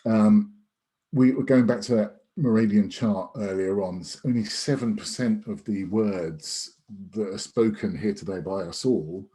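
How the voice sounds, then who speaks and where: Low, mellow-voiced sales trainer man. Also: unhurried. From United Kingdom. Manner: conversational, emphatic, with many restarts and fillers. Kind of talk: online masterclass lecture. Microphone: video call.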